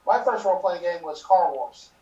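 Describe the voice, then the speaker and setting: Man around 30, relaxed new player, slightly high voice, echoey and muffled remote audio. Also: moderate pace. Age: 30s. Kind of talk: casual self-introduction. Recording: distant roomy dull remote audio.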